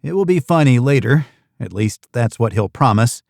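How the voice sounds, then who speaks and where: A man's voice: mid-range voice, expressive, moderate pace, creaky, darkish tone, dry recording. Give me a man doing a wry, teasing wife. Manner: dry, teasing.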